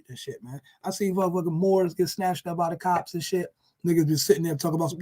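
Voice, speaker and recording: High-pitched man, vlogger mid-rant, profane and mocking, keeps circling back. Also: fairly quick. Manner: animated, profane, repetitive, mocking.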